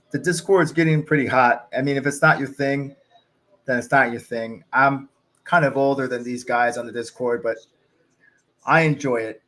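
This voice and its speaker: A man hosting a cricket watch-along in a loose, rambling chat style, often pausing on fillers. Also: medium pitch, a bit bright. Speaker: cricket channel host.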